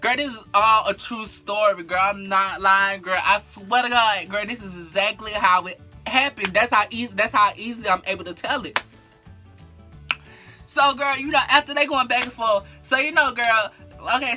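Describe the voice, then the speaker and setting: A vlogger telling a story casually in an animated, slangy, profane way, full of fillers and asides to the viewer. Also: medium pitch.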